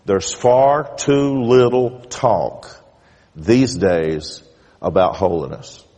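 A man preaching a sermon as pastor, reading scripture aloud with big swells in pitch and speaking slowly and deliberately. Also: dark tone. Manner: slow, deliberate delivery. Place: church sanctuary. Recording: long hall reverb.

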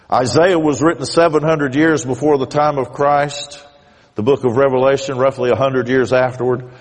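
A man preaching a sermon as pastor, reading scripture aloud with big swells in pitch and speaking slowly and deliberately. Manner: slow, deliberate delivery. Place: church sanctuary. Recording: long hall reverb.

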